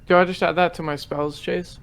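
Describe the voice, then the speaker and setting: A man playing a tabletop game, talking hesitantly with many pauses and fillers. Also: high-pitched, flat delivery, gravelly, fairly bright tone, clear, resonant tone. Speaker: player.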